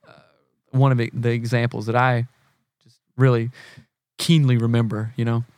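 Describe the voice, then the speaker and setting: A man's voice: mid-range voice, flat delivery, normal speed, a little mellow, no echo. A man from the American South, talking casually as a podcast guest, earnest and full of examples, fillers and restarts. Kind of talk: casual conversation.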